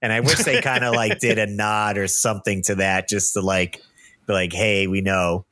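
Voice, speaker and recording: Bright-voiced, lower-pitched male podcast guest. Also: normal speed, no echo. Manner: relaxed, chatty storytelling. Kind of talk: casual film discussion.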